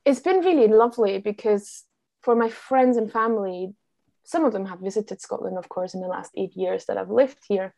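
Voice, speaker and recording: A woman's voice: mid-range voice, moderate pace, gravelly, dark tone, no room sound. A woman from Austria, a native German speaker, chatting in an interview as a podcast guest in a friendly, thoughtful way with small restarts. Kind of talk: casual interview chat.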